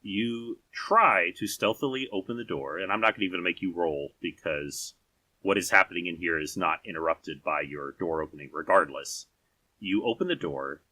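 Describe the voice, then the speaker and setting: A man with a very low voice and a bright, forceful edge runs a tabletop game as game master. He paints each scene in unhurried, vivid detail, and the recording is dry and close. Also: no echo.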